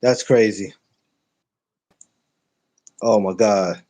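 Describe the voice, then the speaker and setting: A man from New York co-hosting a podcast, laid-back and quick to laugh, talking in street slang. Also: fairly low pitch, fairly even intonation, mellow. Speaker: podcast co-host. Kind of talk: casual chat.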